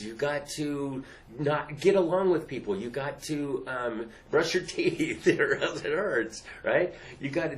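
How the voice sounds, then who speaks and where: A man with a medium-pitched voice hosts a casual explanatory talk on emotional skills. He speaks earnestly and repetitively, laughing lightly between points. The audio is poor.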